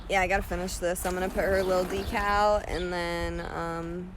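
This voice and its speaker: A woman's voice: fairly low pitch, little pitch movement, moderate pace, background noise. A woman with a British accent chatting casually on a livestream at home, answering viewers' comments while she works on a craft. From Chile. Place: at home, partly in a yard.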